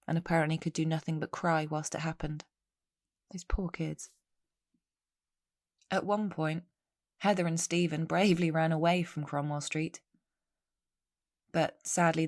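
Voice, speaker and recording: A woman hosts a true-crime podcast on her own, her voice sitting fairly low. She tells the case in a chatty, conversational way, breaking it up with wry asides. The recording is close and dry, with no room sound. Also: dry recording. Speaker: podcast host. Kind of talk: solo true-crime storytelling.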